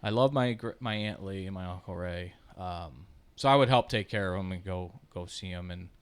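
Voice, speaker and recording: A lowish-voiced man, cohosting a casual podcast. He tells long, rambling family stories full of swearing. He gets loud and laughing at the funny parts and drops low and quiet when he turns reflective. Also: normal speed, clean tone. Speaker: podcast co-host. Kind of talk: casual storytelling chat.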